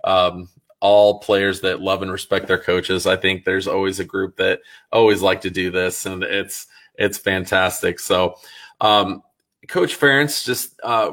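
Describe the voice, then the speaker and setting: A man hosts a casual podcast interview with an enthusiastic, quick-talking manner. His voice sits on the low side. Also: a bit bright. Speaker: podcast host. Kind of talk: casual chat.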